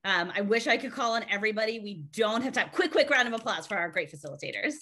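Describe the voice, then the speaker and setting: A woman's voice: medium pitch, expressive, pushed and bright, a little hiss or hum. A woman facilitating a town hall, thanking facilitators and handing over to the closing speakers. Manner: quick and upbeat, handing off.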